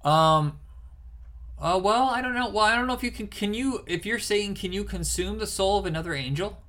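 A man's voice: high-pitched, brisk, pushed and bright. Rambling, enthusiastic male podcast co-host. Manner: rambling, enthusiastic, swears freely. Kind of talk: casual movie discussion.

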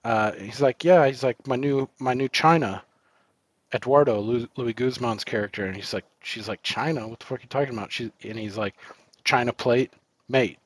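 A man's voice: mid-range voice, moderate pace, breathy edge, no room sound. A man co-hosting a film podcast, rambling casually with lots of fillers and swearing. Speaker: podcast co-host.

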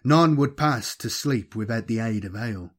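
A man narrating a dramatic action story in a measured, steady reading voice. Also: mid-range voice.

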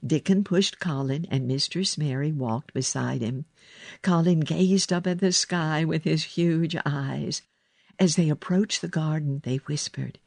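A woman narrating a children's storybook in a gentle, unhurried reading voice. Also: low voice, creaky, no room sound.

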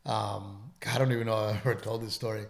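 A man's voice: fairly low pitch, level tone, fast talker, gravelly. A middle-aged man, a comedian and podcast co-host, telling a story in candid, emphatic casual chat and swearing freely.

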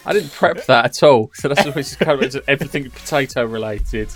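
A man's voice: medium pitch, fairly quick, soft background music. A man hosting a podcast, chatting casually in a jokey, rambling way and swearing now and then. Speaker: podcast host. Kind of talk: casual chat.

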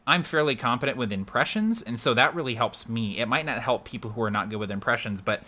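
A man's voice: medium pitch, animated, quick pace, pushed and bright. A man co-hosting a casual chat as a game master, upbeat and laughing often. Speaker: podcast co-host and game master.

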